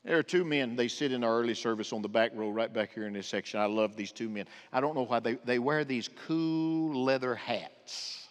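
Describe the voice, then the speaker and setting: A man preaching a sermon as pastor, swinging between impassioned and hushed delivery in a church. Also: medium pitch, normal speed, hardly any pauses, big-room sound. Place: church sanctuary.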